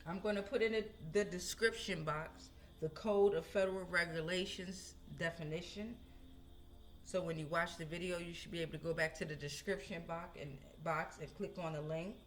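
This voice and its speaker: A woman's voice: fairly low pitch, steady tone, moderate pace, slight background noise. A woman giving a casual tarot reading, chatting to her viewers and often asking "right?". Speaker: tarot reader.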